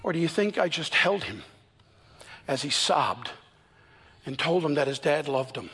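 A pastor in his fifties preaching a sermon in church, telling stories earnestly and shifting between quick and slow, emphatic delivery. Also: fairly high pitch, animated, bright, forceful tone, breathy edge.

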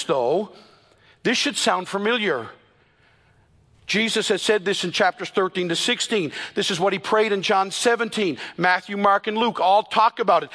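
Male pastor, sermon, bright and sharp tone, echoey sanctuary sound. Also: high voice. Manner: emphatic, slows down to stress scripture quotes. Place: church sanctuary.

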